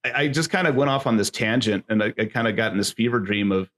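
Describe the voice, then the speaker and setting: A man's voice: lowish voice, quick pace, a bit bright. A man co-hosting a podcast, rambling through a casual movie review and swearing freely. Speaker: podcast co-host.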